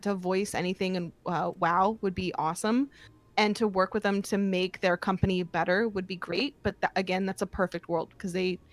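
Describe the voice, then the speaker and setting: Easygoing woman voice actor guest. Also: fairly low pitch. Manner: laughing, easygoing, enthusiastic. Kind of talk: casual online interview.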